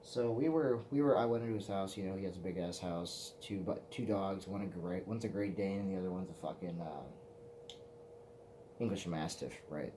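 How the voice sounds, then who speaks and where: Low-voiced man rambling a crude story. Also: moderate pace, mellow, slight background noise. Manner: rambling, profane, laughing at his own stories. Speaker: vlogger. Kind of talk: casual storytelling vlog.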